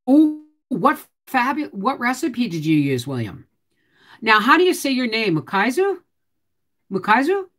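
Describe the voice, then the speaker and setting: A woman's voice: on the high side, big pitch swings, unhurried, a bit bright. A woman hosting a live stream from home, chatting with viewers in a chatty, teasing way and answering their comments. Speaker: homestead channel host.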